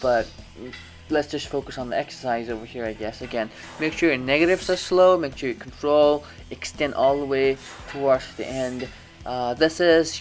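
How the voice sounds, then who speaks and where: A man talking through his workout as a fitness vlogger in a gym, casual and rambling, often restarting his sentences. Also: mid-range voice. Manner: rambling, many restarts and self-corrections.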